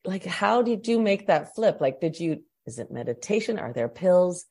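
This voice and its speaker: A woman with a somewhat low voice co-hosts an interview. She chats in a casual, quick, playful manner. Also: very animated, warm tone, husky. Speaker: interview co-host.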